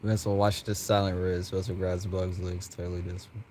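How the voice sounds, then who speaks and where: A man with a fairly low voice rambles casually about his characters, giggling as he goes. He keeps tripping over his words and restarting sentences, and a faint hiss runs behind him. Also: flat delivery, fairly quick, a little mellow. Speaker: content creator.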